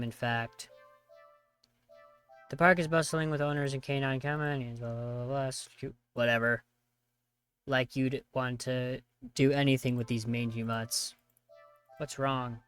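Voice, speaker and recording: A gamer with a clear, resonant, fairly bright mid-range voice reads out a text horror game's lines. Skimming with "blah, blah," they add sarcastic asides and react with mock outrage once the choices are read.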